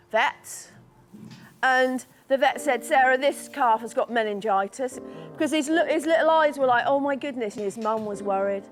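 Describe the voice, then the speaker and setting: A middle-aged English woman farmer talking casually and with feeling about her animals. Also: a little high. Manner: chatty, emotional, talks softly to animals. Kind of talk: casual chat on a farm.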